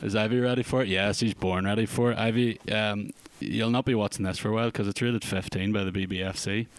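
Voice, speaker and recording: A man co-hosting a podcast, chatting casually about films in a rambling, jokey, animated way. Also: fairly low pitch, quick pace. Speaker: podcast co-host. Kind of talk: casual film chat.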